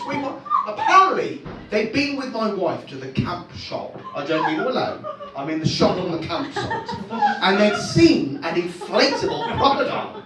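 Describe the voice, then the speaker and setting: A man tells his stand-up stories with rising exasperation and plenty of swearing. His voice sits high and swings wildly in pitch. He sounds distant and echoey in a club, with the crowd laughing throughout. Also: sing-song, normal speed. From England. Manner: swearing, exasperated storytelling with big pitch jumps. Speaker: stand-up comedian. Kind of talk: stand-up routine. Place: comedy club stage.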